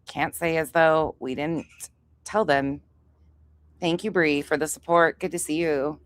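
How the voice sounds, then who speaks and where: A woman co-hosting a drama livestream, making measured, pointed remarks with a slightly smug edge. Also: sits low, steady tone, no echo. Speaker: co-host guest on commentary stream. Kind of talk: livestream commentary.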